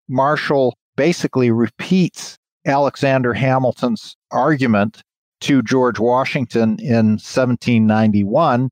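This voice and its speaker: A man lecturing on history, explaining court arguments in a measured, explanatory way. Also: medium pitch, no room sound. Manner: measured, explanatory, reads historic quotations aloud.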